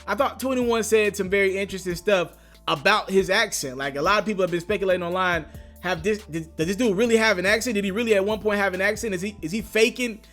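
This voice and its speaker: A man giving casual hip-hop commentary on his own channel, speaking in an animated, slangy, emphatic way. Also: sits high, quick pace, faint music behind.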